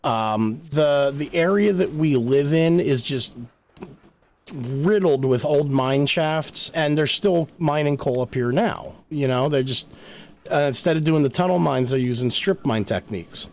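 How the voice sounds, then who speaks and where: Middle-aged jersey guy rambling on stream, kinda high voice, lots of ums. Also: a little slow. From New Jersey. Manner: rambling, animated storytelling with filler words. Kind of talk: casual chat while gaming.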